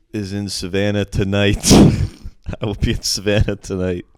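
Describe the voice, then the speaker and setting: A man's voice: on the low side, little pitch movement, a little slow, darkish tone, smooth, no echo. A young man co-hosting a casual podcast, laid-back and cracking dry jokes. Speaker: podcast co-host, stand-up comedian.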